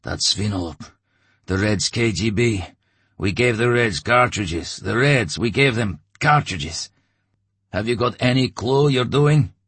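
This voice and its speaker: A man voicing a panicked young male soldier who shouts in strained, high bursts. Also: lively intonation, unhurried, slightly rough, dry recording, full character voice. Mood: desperate.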